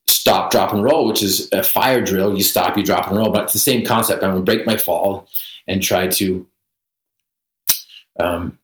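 Guest storyteller: a man with a slightly low voice, wry and vivid, recorded in a reverberant room. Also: a bit bright. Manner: vivid storyteller with self-deprecating humor. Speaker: podcast guest. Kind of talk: personal storytelling in an interview.

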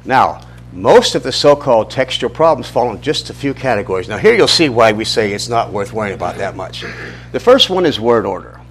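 A man's voice: medium pitch, big pitch swings, fairly quick, a little hiss or hum. A middle-aged man teaching an informal church Bible class, talking conversationally, asking the class questions and often restarting his sentences.

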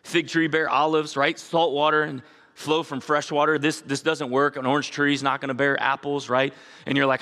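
A man in his forties preaching a sermon as pastor, telling stories with joking asides and rising to near-shouts. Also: fairly high pitch, little pitch movement, normal speed, long reverb tail. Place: church.

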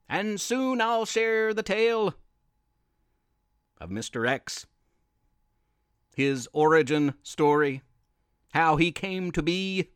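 A man narrating a children's story as the show's host, in an animated, expressive way. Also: high-pitched, clear, resonant tone, dry recording, clean studio sound. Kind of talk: scripted kids' story narration.

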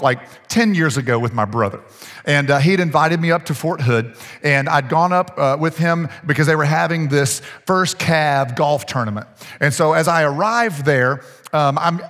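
A man preaches from the pulpit in a loose, storytelling way, often turning to ask his congregation questions. His voice sits a little high for a man, and it rings out with the long echo of a church sanctuary. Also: a bit bright. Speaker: pastor. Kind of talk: sermon.

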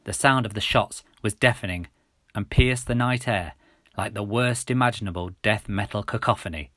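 A man reading a first-person story aloud in a measured, steady way. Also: fairly low pitch, no room sound, studio quality.

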